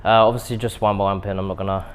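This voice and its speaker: A man's voice: on the low side, level tone, fast, clear, resonant tone. A young British man chatting casually to his viewers between sets in an indoor gym, rambling with self-deprecating asides. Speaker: fitness vlogger.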